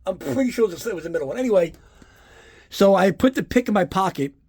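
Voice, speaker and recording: Casually touring his collection on camera, a man tells rambling, profane, animated anecdotes. His voice is high, fast, and has a breathy edge.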